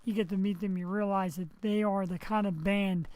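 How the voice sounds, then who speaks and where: A man's voice: high voice, fairly even intonation, moderate pace, a little mellow, low-quality recording. Guy hosting a live web show from home, rambly and chatty, cracks little jokes, on a headset mic, just post surgery. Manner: rambling, chatty, jokey asides. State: recovering from surgery. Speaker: host. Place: home setup, streaming.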